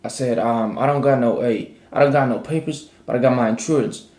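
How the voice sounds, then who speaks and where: A man's voice: medium pitch, fairly quick, roomy sound. A young man casually telling a personal story in a rambling, slangy way, acting out the dialogue. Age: young adult. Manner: rambling, slangy, animated retelling with quoted dialogue.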